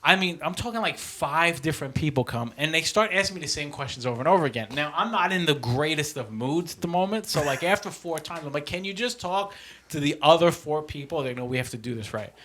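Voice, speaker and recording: A man casually telling a story on a podcast, animated and profane, laughing often. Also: on the high side, fast, hardly any pauses. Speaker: podcast co-host.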